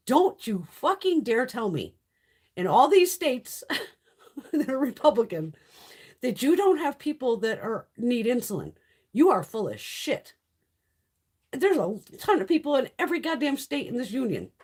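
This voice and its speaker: A woman's voice: high voice, a little mellow, husky. A woman hosting a casual live stream chat, ranting with frequent swearing and laughing often. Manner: profane, ranting, exasperated.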